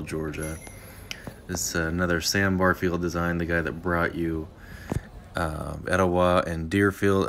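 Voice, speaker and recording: Low, flat-voiced man vlogging outdoors. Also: a little hiss or hum. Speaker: disc golf video host. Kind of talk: casual vlog narration. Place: outdoors at a park.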